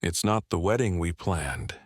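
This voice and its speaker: A steady young groom, firm but calm, read by a man in his own low voice. The delivery stays even and gentle. The recording is dry and close. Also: a little slow, breathy edge, dry recording, exaggerated voice. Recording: dry close-miked voice-over.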